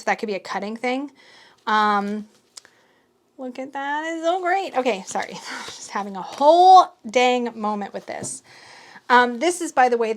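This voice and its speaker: A bubbly woman with a slightly high voice who talks through a tarot deck unboxing. She gushes as she goes, breaking into gasps and little squeals of delight. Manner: gushing, excitable, with gasps and quick squeals. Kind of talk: casual unboxing chat.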